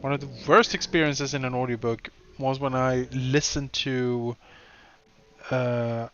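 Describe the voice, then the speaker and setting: A man chatting casually as co-host of a game let's play, an animated storyteller who rambles and restarts often. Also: mid-range voice, a little slow, dull audio, faint music behind. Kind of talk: casual gaming chat.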